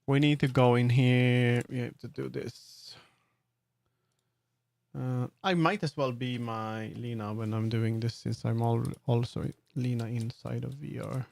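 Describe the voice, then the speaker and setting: Slow rambling Swedish-accented man. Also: medium pitch, steady tone, vocal fry, darkish tone, dry recording. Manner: rambling, many fillers and restarts. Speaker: streamer. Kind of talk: casual live-stream commentary while working in 3D.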